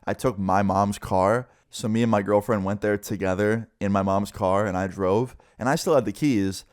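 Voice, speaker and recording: Young man telling a storytime, animated. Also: clear, resonant tone. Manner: animated, quick shifts in pitch, swears casually. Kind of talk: casual storytime.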